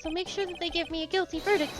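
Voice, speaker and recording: A woman yelling as a frantic young man confessing. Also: very high voice, steady tone, very fast, pitched above the performer's own voice. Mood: frantic shouting. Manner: shouting, stammering. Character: loud excitable young man confessing to theft. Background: game music.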